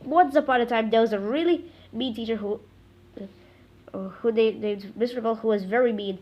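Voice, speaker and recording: A woman reading a children's book aloud, halting often with stumbles and self-corrections. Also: a little high, lo-fi sound, a little hiss or hum. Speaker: reader.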